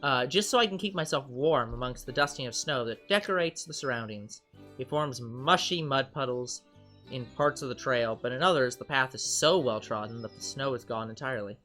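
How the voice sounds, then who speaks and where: A man's voice: medium pitch, moderate pace, faint music behind. A man hosting a game channel, reading a visual novel aloud and joking between lines. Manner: lively, joking, animated laughing outbursts. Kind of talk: let's play narration and banter.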